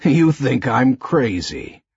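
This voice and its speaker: A man voicing a brutal male killer who claims to be an inhuman beast, talking low, slow and cold. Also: very animated, creaky, a little mellow, husky, no echo, muffled recording, exaggerated voice.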